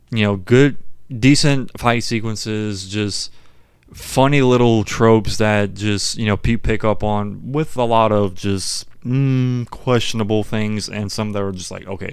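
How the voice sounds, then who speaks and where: Low-voiced man in casual movie chat. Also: smooth, no echo. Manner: rambling, acts out film lines in quick bursts. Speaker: podcast co-host.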